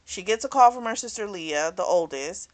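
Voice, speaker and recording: A woman's voice: mid-range voice, expressive, normal speed. A woman casually retelling a novel's plot in a book review, chatty and full of "you know", raising her voice when she quotes characters. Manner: acts out characters' lines in a raised voice.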